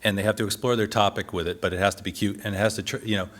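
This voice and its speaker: Animated man telling lecture anecdotes. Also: on the low side, rapid-fire. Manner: animated storytelling, laughs often. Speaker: design teacher giving a lecture.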